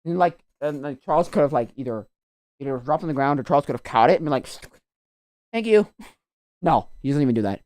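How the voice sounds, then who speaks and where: A woman's voice: extremely low pitch, very fast, darkish tone, no room sound. A woman streamer in casual chat, ranting with lots of slang and filler about a movie.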